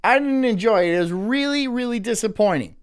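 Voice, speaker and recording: A man's voice: high-pitched, expressive, fairly quick, smooth. A man hosting a live stream, reading out viewer messages, stumbling, restarting and cursing in exasperated banter. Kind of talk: casual live-stream chat.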